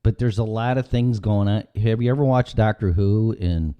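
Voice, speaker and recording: A man's voice: lowish voice, moderate pace, clean tone, dull audio. A middle-aged man hosting a casual live-stream show, rambling and sarcastic with frequent swearing. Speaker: podcast host.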